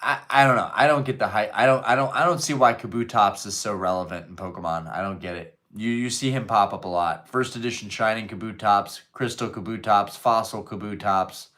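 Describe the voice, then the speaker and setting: A man's voice: lowish voice, fairly quick, few pauses, a bit bright. A man hosting a casual live stream, reading viewer messages aloud and answering them in a loose, joking way with plenty of swearing. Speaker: livestream host reading chat. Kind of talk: casual livestream chat.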